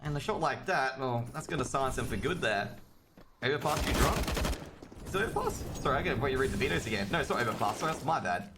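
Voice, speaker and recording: A man with an Australian accent doing live solo commentary of a video game match, chatty and quick, getting excitable on big plays and joking with his chat. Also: medium pitch, background noise. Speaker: esports caster.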